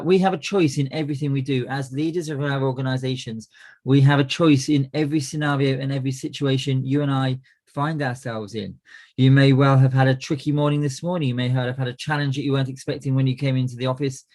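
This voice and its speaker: A man's voice: medium pitch, a little mellow. A middle-aged man hosting a business coaching webinar, friendly and full of "uh" fillers and restarts. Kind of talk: presenting a webinar.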